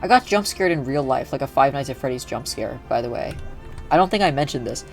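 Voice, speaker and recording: A man's voice: medium pitch, animated, brisk, vocal fry, soft background music. A young man streaming a video game, chatting casually in a rambling way with lots of fillers and restarts. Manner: rambling, filler-heavy, self-interrupting. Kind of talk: casual gaming livestream chat.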